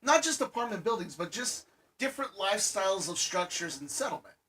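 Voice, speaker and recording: A man from Arizona, co-hosting a podcast in casual chat, explaining haltingly and restarting his sentences often. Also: high voice, big pitch swings, pushed and bright, slightly rough, low-quality recording. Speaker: podcast co-host.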